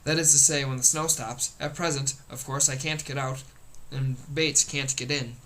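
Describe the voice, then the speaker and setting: Storybook reading: a composed, courteous old butler, as a man puts him on, measured and soothing. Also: medium pitch, steady tone, pushed and bright, natural voice. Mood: calm. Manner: soothing, formal. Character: tall old white-haired butler, calm and formal.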